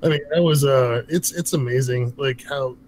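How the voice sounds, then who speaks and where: A man's voice: medium pitch, moderate pace, a little mellow, a little hiss or hum. A man calling into a live stream, rambling loosely with lots of fillers. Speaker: caller. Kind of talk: casual call-in chat.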